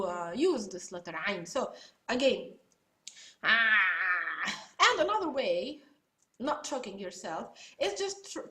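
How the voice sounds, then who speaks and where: A woman's voice: fairly high pitch, fairly bright tone. A woman teaching Arabic pronunciation in an online lesson, patiently demonstrating sounds and laughing at herself now and then. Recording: echoey room.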